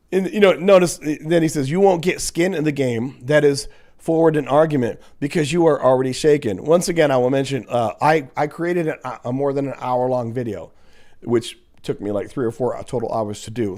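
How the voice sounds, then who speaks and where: A man's voice: mid-range voice, darkish tone. A man hosts a casual livestream, reading comments into a desk microphone. He answers in a blunt, profane, sarcastic way, laughing as he mocks the people he disagrees with.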